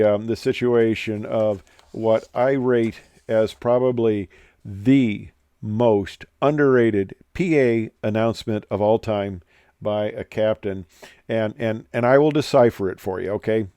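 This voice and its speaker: A man's voice: fairly low pitch, darkish tone, dry recording. Man, pilot, casual storytelling, rambling, hesitant, colloquial, dry close sound.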